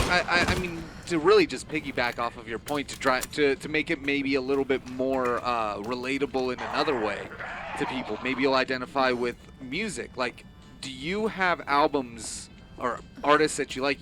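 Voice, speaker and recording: A man's voice: medium pitch, moderate pace, over music. A man co-hosting a casual chat show, talking in long rambling runs with restarts. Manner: rambling, enthusiastic, stammers on restarts. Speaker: co-host.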